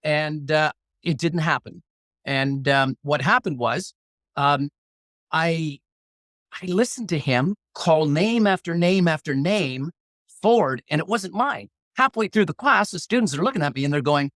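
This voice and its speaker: A middle-aged man tells a personal story as an interview guest, acting out the voices in his head with lively energy. His voice sits a little high for a man, and the recording is dry with no room sound. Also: normal speed, dry recording. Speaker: guest, former hostage negotiator.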